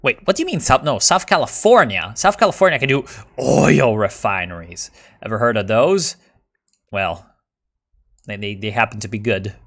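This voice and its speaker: A man chatting loosely as he plays a strategy game, his talk joking, profane and excitable. He rambles from one thought to the next in a mid-range voice. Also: medium pitch, moderate pace, creaky. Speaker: video game player. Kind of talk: casual gameplay commentary.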